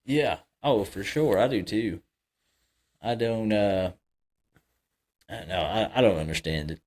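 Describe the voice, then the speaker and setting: A man's voice: on the low side, measured pace, a little mellow. A man co-hosting a casual podcast chat, talking loosely with lots of fillers and agreeing easily. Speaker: podcast co-host.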